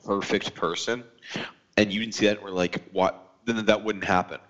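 A man's voice: fairly low pitch, fairly even intonation, moderate pace, a bit bright, muffled recording. A teenage boy as a podcast guest, giving his opinions in casual chat and working through examples. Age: teens.

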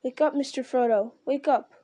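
A blunt, stubborn and loyal male servant, as a woman reads him, homely and protective with a gruff edge. His voice comes in a touch lower and softer than the narration, mellow and warm in tone. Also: moderate pace, natural voice. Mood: gentle. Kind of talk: audiobook reading.

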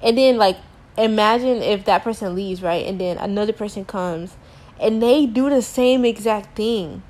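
A woman's voice: medium pitch, moderate pace, darkish tone. A young woman telling a frustrating story to camera in a casual rant, exasperated and slangy, with many filler words. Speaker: teacher.

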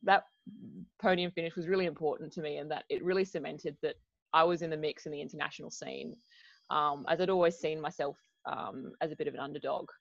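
This guest athlete, an Australian woman in her twenties, talks fast in a deep, gravelly, steady voice during a casual interview chat, self-deprecating and laughing a lot. The recording is muffled, with no echo.

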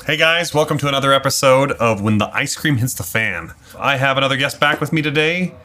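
A man's voice: mid-range voice, a little fast, noisy background. A man hosting a casual podcast in a room by a street, telling a rambling story with many fillers. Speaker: podcast host. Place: room next to a street window, car noise.

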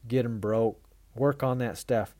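A man's voice: medium pitch, fairly even intonation, unhurried, mellow, no echo. A man who hosts a mule training tips show, telling a folksy, self-mocking story with frequent laughter and then turning it into a riding lesson.

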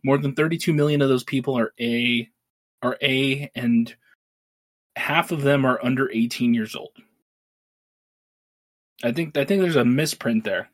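A man's voice: mid-range voice, a little slow, long pauses. A man co-hosting a review podcast, chatting casually and laughing often. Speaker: podcast co-host. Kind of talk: casual chat.

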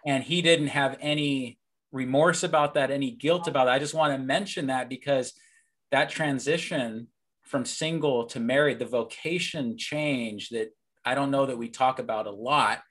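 A man's voice: medium pitch, normal speed, fairly bright tone. A man hosting a casual faith conversation, sharing anecdotes reflectively and correcting himself as he goes.

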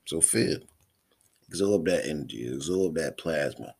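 A man's voice: a bass voice, expressive, measured pace, vocal fry, a little mellow, husky. A man hosting a podcast in a casual, rambling way, often repeating his words. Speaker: podcast host.

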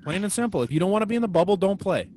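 A man's voice: sits high, expressive, racing, dark tone. A man co-hosting a podcast, chatting casually about sports in a blunt, exasperated way. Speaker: podcast co-host.

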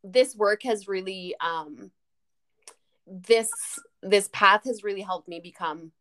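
A woman's voice: mid-range voice, slow pace. A woman guest on a podcast who runs retreats, talking casually and laughing often as she tells stories. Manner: giggly, animated storytelling with frequent laughter.

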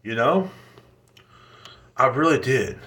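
Male podcast host, solo rambling rant, crude and jokey, mid-pitched, echoey room. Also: expressive, takes it slowly, bright, forceful tone. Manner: profane, rambling and joking. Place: seated indoors in a chair. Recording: roomy echoing room.

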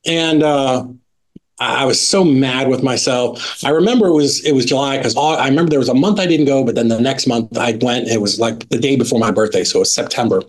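A middle-aged man telling a story as a podcast guest, with a lively conversational telling full of "like" and "right?". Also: medium pitch, brisk. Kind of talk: casual storytelling.

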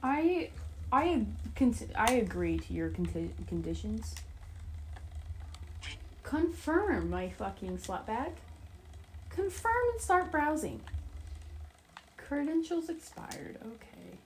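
A woman's voice: fairly high pitch, big pitch swings, slow pace, long pauses, darkish tone, a little hiss or hum. A woman co-hosting a casual podcast chat at her home computer, exasperated, swearing often and mocking herself. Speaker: podcast co-host. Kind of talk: casual chat while gaming.

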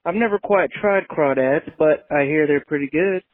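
A man's voice: on the high side, moderate pace, no echo. Polite man on a tinny phone line. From West Texas. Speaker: caller. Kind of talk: recorded voicemail question.

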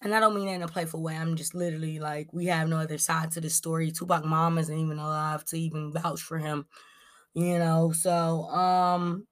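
A woman's voice: sits low, moderate pace. A woman from Cleveland hosting a celebrity gossip podcast, chatty and casual, filling her talk with "like" and "um". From Cleveland, Ohio. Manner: chatty, lots of "like" and "um", animated asides.

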